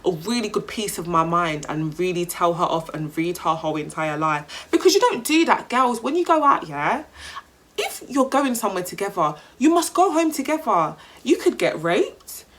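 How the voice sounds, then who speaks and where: A young woman with a London accent telling a storytime vlog in an animated, slangy way, swearing freely. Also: on the low side, moderate pace. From England. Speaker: vlogger.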